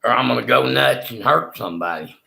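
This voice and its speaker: Gravelly guy rambling through a cussing story, sounds like an echoey room. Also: mid-range voice, expressive, brisk, pushed and bright. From Texas. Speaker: storyteller recounting prison time.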